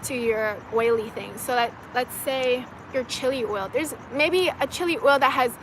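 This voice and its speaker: A woman's voice: high-pitched, moderate pace, a bit bright, slight background noise. A young woman from China hosting a casual livestream outdoors, chatting loosely with lots of "like" and "you know" and laughing often. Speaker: livestream host answering viewer comments. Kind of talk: casual chat.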